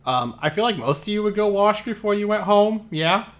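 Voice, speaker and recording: A man's voice: high-pitched, animated, moderate pace. A man narrating as game master in a casual tabletop session, rambling and full of fillers.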